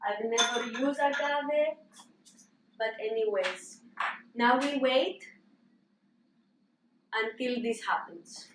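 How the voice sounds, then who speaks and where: A woman's voice: a little high, takes it slowly, pauses often, background noise. A woman hosting a comedic cooking demonstration in a put-on Greek accent, giving mock-serious, coaxing instructions with playful repetitions. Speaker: host demonstrating a recipe. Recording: echoey room, voice from a distance.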